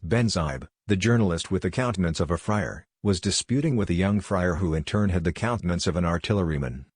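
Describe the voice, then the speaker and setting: Deep-voiced man reading an audiobook. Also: fairly quick, darkish tone, breathy edge, no room sound, studio quality. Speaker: audiobook narrator. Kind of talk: scripted audiobook narration.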